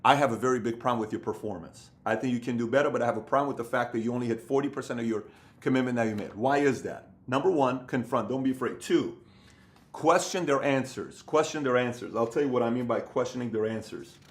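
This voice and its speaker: A man's voice: mid-range voice, quick pace. A man in his thirties giving a motivational business talk, emphatic and repeating key phrases for stress. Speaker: business coach.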